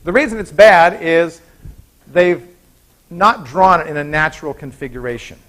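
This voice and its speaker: A man's voice: on the high side, normal speed, fairly bright tone. A man giving a university biochemistry lecture in a chatty way, often stopping to correct himself. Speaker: biochemistry professor.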